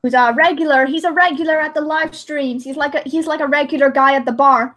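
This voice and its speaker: A young woman co-hosting a casual livestream, giggling often and telling stories in an animated way. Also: high voice, fairly quick. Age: young adult. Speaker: livestream co-host.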